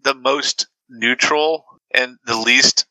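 A man chats about a film on a podcast, dropping dry quips and side comments. His voice is middling in pitch but very bright and edgy, recorded close with no room sound. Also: steady tone, slow pace, no room sound, low-quality recording. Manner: wry asides and quips. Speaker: podcast co-host. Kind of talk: casual movie discussion.

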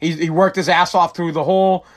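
A man's voice: sits high, little pitch movement, brisk. A man hosting a casual live-stream talk show, rambling and joking with frequent swearing. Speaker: show host.

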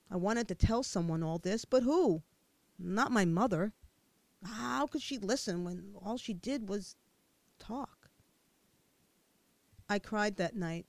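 A woman narrating a first-person memoir as an expressive audiobook reader with a childlike viewpoint. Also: medium pitch, slow, gravelly, pauses often, dry recording.

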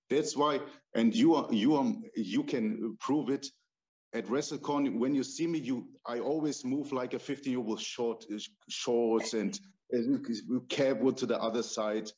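A man from Turkey speaks as a podcast guest, earnest and warm-hearted in tone, restarting his sentences in imperfect English. His voice sits at a middle pitch. The recording is dull and lo-fi. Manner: earnest, broken English with restarts, laughs easily. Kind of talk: casual interview chat. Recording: dull lo-fi remote audio.

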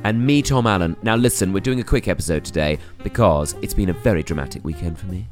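A middle-aged English man co-hosting a podcast in casual chat, talking haltingly with many restarts. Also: low voice, faint music behind. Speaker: podcast co-host.

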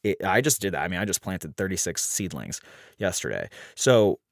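A man with a very low voice talks loosely on his podcast, restarting sentences and jumping up in pitch when he wants to stress a point. The sound is dry and close, with no room echo. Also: sing-song, moderate pace, creaky. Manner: rambling, many restarts. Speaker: podcast host. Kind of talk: casual astrology talk.

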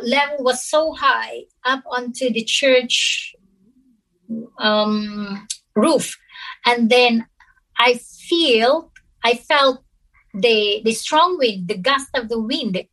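Woman guest, a bit high-pitched, tells her story haltingly and earnestly. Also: a bit bright, low-quality recording. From Philippines. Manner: halting, earnest, with frequent pauses and restarts. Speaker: interview guest. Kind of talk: personal storytelling.

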